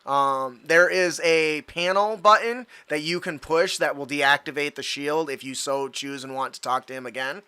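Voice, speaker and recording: A man's voice: a little high, moderate pace, hardly any pauses, sharp tone, clear, resonant tone. A man running a tabletop superhero game as game master, talking hesitantly with many fillers. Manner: hesitant, full of fillers, laughing often.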